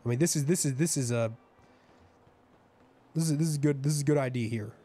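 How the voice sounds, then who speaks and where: Playing a crook in a roleplay stream, this man talks in a profane, rambling, conspiratorial way. His voice is medium-pitched, brisk, warm and husky.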